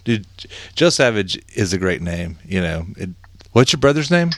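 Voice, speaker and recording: A rambling, easygoing man with a very low voice, telling stories in a relaxed chat. He laughs often and circles back over his points. The sound is close and dry. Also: normal speed, no echo. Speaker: podcast host. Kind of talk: casual chat.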